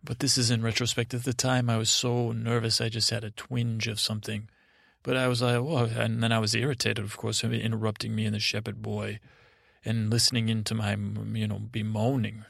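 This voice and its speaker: A man telling a rambling bedtime story in the first person, halting and full of restarts and asides. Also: on the low side, completely flat delivery, vocal fry, a bit bright, dry recording, clean studio sound. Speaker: podcast host and storyteller.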